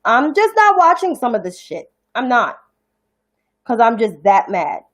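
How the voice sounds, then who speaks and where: With a voice on the high side, big pitch swings, and an unhurried pace, a New York-accented woman from Harlem rants on her casual livestream commentary show. She is blunt, profane, and indignant.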